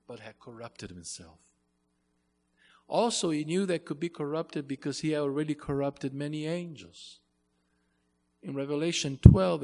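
A man's voice: fairly high pitch, vocal fry, mellow, long reverb tail. A man preaching a sermon in an earnest way, repeating phrases and rising to emphatic bursts.

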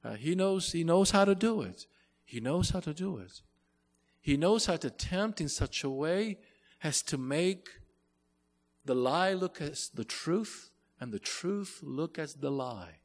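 Man, preacher, sermon, gravelly voice, earnest, echoing hall. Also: fairly high pitch, expressive, unhurried. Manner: earnest, rises to emphatic bursts, repeats phrases.

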